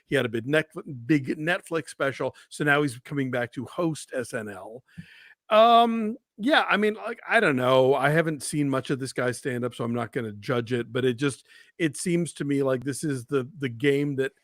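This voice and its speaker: A man's voice: medium pitch, normal speed, no room sound, studio quality. A man co-hosting a movie news livestream, talking casually and with opinions, full of restarts and fillers. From Georgia, US. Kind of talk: casual chat.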